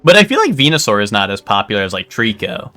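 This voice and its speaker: A man's voice: fairly low pitch, wildly swooping pitch, quick pace, pushed and bright, no echo, faint music behind. A man streaming a game, chatting casually with lots of fillers and restarts. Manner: rambling, hesitant, lots of fillers. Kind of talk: casual chat while gaming.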